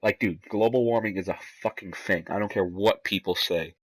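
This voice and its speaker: A man's voice: on the low side, moderate pace, rough recording. A man telling a rambling, profane story in casual commentary over gameplay, laughing at himself as he goes.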